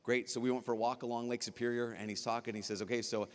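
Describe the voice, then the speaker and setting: A man, a priest speaking at a youth conference, giving a lively talk and acting out dialogue as he tells stories. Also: medium pitch, quick pace. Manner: animated storyteller acting out dialogue. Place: large conference hall. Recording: long hall reverb.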